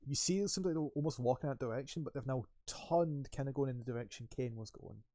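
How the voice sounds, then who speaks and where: A man's voice: medium pitch, quick pace, dark tone, no room sound. A man in the game master's seat, describing scenes in a loose, rambling way full of fillers. His voice sits in the middle range and the recording is dry and close. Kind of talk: narrating a tabletop game.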